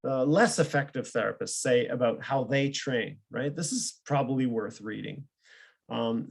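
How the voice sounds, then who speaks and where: A man, a psychologist and professor, giving a conversational online seminar over a video call, explaining with examples and often checking in with "right?". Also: mid-range voice. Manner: explains with examples, ends points with questioning "right?".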